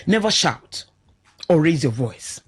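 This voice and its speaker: A middle-aged Nigerian woman speaks as a studio radio guest, her voice slightly husky and swinging widely up and down. She tells stories animatedly and acts out the people in them. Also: deep voice, slow pace. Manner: animated storyteller, acts out quotes with shifts of voice. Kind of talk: radio talk show discussion.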